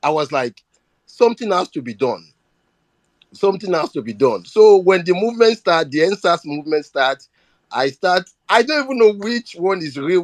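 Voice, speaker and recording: A man's voice: a little high, no room sound. A man with a Nigerian accent speaking earnestly and emotionally on a live audio chat, often repeating himself. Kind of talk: impassioned appeal.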